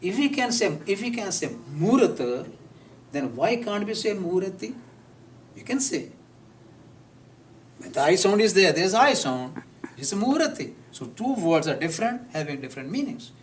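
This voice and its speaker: A man teaching a live class, who speaks deliberately and repeats words to model how they are pronounced. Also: high-pitched, sing-song, distant mic, a little hiss or hum. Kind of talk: live classroom lecture on pronunciation.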